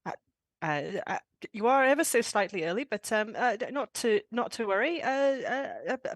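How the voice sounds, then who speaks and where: A woman's voice: fairly high pitch, expressive, moderate pace, dry recording, voice pushed up, natural voice. Lady doing a flustered butler guy, formal and stammery, dry room.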